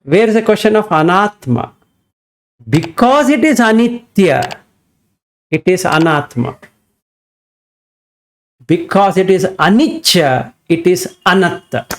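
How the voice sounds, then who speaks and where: A man's voice: high-pitched, animated, slow pace, pauses often. A man teaching in an emphatic dharma talk, firing off rhetorical questions to his listeners.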